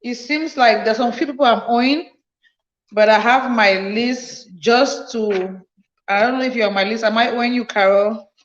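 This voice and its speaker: A woman's voice: a little high, normal speed, highs cut off. Tired woman greeting livestream viewers. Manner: repeats thanks and greetings warmly. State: tired after a night shift. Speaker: livestream host. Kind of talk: casual live-stream chat greeting viewers. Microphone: phone.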